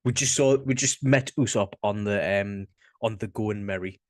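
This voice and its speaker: Low-voiced northern english guy, rambly, swears a lot, dead dry sound. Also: no room sound. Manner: rambling, halting, swears casually. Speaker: podcast co-host. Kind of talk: casual chat.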